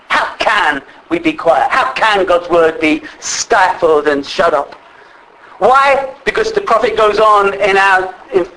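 A male preacher delivering a fervent sermon in a high, bright voice. He presses his points hard and calls the listeners brethren, now and then rising to a shout. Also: poor audio. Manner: impassioned, rises to shouts; addresses congregation as brethren.

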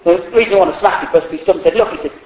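A man's voice: high-pitched, racing, a little mellow, a little hiss or hum. A man preaching a sermon in a humorous, conversational way, acting out quotes along the way. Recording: echoey hall.

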